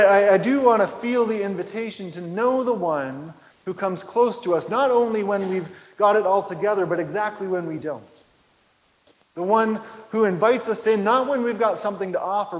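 A man preaching a sermon as pastor, earnest and rhythmic, letting his phrase ends fall soft and quiet. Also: sits high. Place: church sanctuary. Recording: echoey sanctuary with long reverb.

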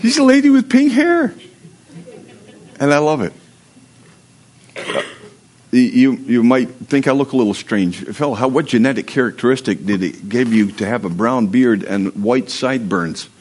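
A man's voice: mid-range voice, normal speed, a little mellow. A man in the role of pastor, reading scripture and then preaching in a conversational, joking manner to his congregation on a livestream. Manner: reads scripture aloud then preaches conversationally, with prayer and humor. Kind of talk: sermon.

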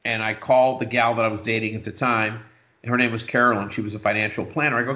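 A middle-aged man and retired businessman, telling an anecdote in casual conversation and jumping high in pitch when he quotes himself. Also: fast, fairly bright tone. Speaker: interview guest, retired businessman. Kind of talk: casual storytelling.

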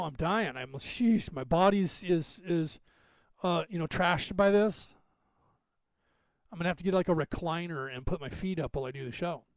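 A man with a somewhat high voice talks quickly and at length, hopping from one point to the next. He hosts his own podcast in a loose, talkative monologue. The sound is close and dry, with no room around it. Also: darkish tone, no room sound. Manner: rapid, talkative, digressive. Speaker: podcast host. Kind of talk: rambling spoken monologue.

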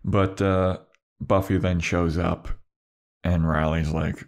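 A man co-hosting a casual podcast, retelling an episode and slipping into quick character voices. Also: low-pitched, level tone. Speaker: podcast co-host. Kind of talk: casual recap chat.

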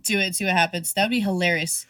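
A woman's voice: lowish voice, fairly even intonation, fast, bright, forceful tone, dry recording, distant mic. A woman co-hosting a podcast in casual chat, joking and blunt, swearing freely. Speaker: podcast co-host.

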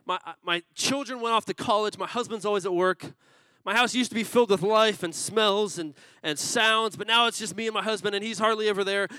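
Man doing high, sharp-edged lonely mother, indignant and scolding. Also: fairly quick, few pauses, clear, resonant tone, dry recording, poor audio. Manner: shrill, raised voice when scolding. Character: lonely middle-aged mother, fed up and indignant.

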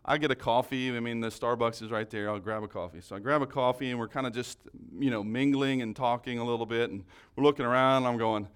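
A man's voice: medium pitch, steady tone, fast talker, hardly any pauses, fairly bright tone, smooth. A man preaching a sermon, telling a story in a casual, conversational way with many restarts. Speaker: pastor.

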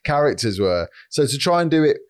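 A man at an ordinary middle pitch, co-hosting a comedy podcast. He talks things through in measured, casual banter, with the odd swear word. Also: very animated.

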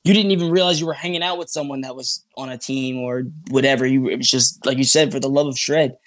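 A man telling a story as a podcast guest, casual and animated, swearing freely and acting out what people said. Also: medium pitch, quick pace, no echo, studio quality. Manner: animated, swears freely, acts out quoted talk.

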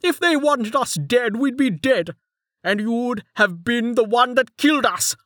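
Man doing an irate short mayor, shouting, scolding, high strained voice, dry sound. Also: animated, a little slow, no echo, exaggerated voice. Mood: furious.

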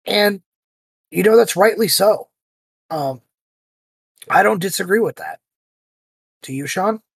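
A man hosting a podcast, telling stories in a casual, animated way and acting out the voices he quotes. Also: sits high, slow, creaky, breathy edge, no room sound. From United States. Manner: animated storyteller who acts out quoted voices. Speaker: podcast host.

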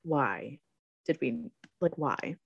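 A woman's voice: very deep voice, expressive, slow pace, gravelly, husky, no echo, lo-fi sound. A woman in casual chat, recapping a movie plot with frequent laughter and acted-out quotes. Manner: laughs often, acts out quoted lines. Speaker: podcast co-host recapping a movie.

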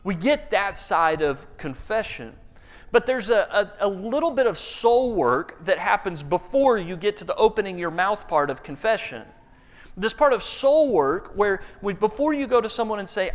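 A man's voice: high voice, big pitch swings, moderate pace, in a large hall. A middle-aged man preaching a conversational sermon, telling stories and acting out voices along the way. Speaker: pastor.

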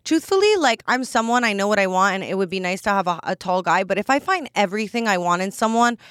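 Twenties woman podcaster, blunt and candid, says like a lot, mid pitch, dry close sound. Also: lively intonation, fast talker, fairly bright tone, dry recording. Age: 20s. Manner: candid and blunt, with frequent "like" fillers. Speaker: podcast host. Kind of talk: casual solo podcast chat.

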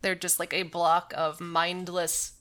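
A woman's voice: lowish voice, little pitch movement, a little slow, a loud crowd. A woman co-hosting a casual gaming podcast, sarcastic and casually swearing. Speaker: podcast co-host.

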